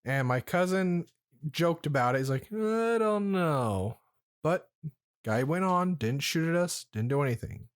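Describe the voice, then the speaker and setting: Rambling, foul-mouthed man with a higher voice. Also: normal speed, clear, resonant tone. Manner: rambling, profane, laid-back. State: drinking while talking. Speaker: podcast host. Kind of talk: casual storytelling chat.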